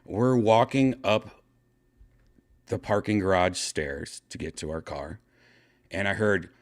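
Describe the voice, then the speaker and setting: Guy w/ a lowish voice, podcast host rambling thru a crazy story, swears a lot. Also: slow. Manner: excited, swearing, acts out his own shouts. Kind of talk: casual storytelling.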